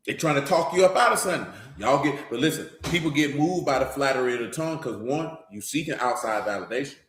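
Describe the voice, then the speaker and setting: A man's voice: medium pitch, slight background noise. Blunt, scolding preacher man, echoey room. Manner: blunt, scolding street talk. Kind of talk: sermon.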